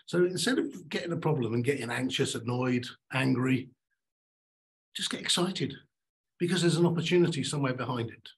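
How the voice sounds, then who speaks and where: A middle-aged man giving a motivational talk on stage, emphatic and animated, repeating his key lines. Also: medium pitch, brisk, rough recording. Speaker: keynote speaker.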